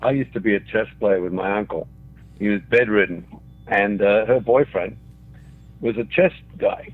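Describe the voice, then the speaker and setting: An older man from Australia, on as a guest, has a low-leaning, expressive voice and talks at normal speed. He laughs through his own anecdotes, carried over a tinny phone line.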